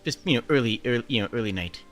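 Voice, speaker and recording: A man running a tabletop game as game master, narrating in a halting way with many fillers and restarts. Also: mid-range voice, animated, a bit bright, soft background music.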